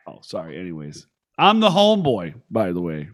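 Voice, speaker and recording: A man's voice: deep voice, wildly swooping pitch, normal speed. A man hosting a casual wrestling talk show, cracking jokes and hyping up his co-hosts. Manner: playful, jokey hype banter. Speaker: podcast host. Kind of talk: casual chat.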